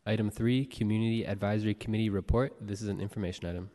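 A man serving as board clerk, reading the roll call and announcements in a brisk, formal way. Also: lowish voice, fairly even intonation, mellow. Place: city hall legislative chamber. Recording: long reverb of a large chamber.

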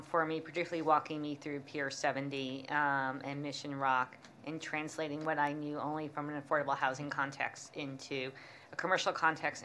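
Bright-toned woman commissioner, sincere. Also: deep voice, a little hiss or hum. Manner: grateful, sincere, with fillers. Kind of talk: public meeting remarks.

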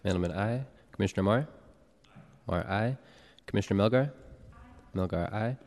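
A male clerk calling the roll and reading procedural announcements in a city hall chamber, even and formal. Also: on the low side, moderate pace. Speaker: board clerk. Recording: long reverb of a large chamber.

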